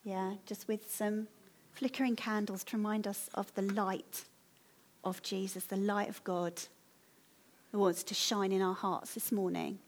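A woman delivers a sermon to her church congregation in an earnest, encouraging tone. Her voice sits at an ordinary middle pitch for a woman. She speaks gently and appeals warmly to her listeners. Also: little pitch movement, measured pace. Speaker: preacher.

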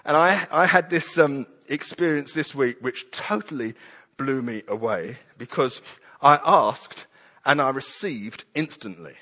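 Male preacher, animated sermon delivery, long hall reverb. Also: medium pitch, unhurried. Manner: animated, acts out prayers and children's voices.

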